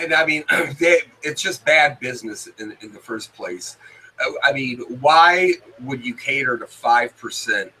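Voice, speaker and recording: A man's voice: medium pitch, sharp tone, distant mic, poor audio. A man in casual chat, making matter-of-fact points with an easy chuckle. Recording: off-mic with faint room noise.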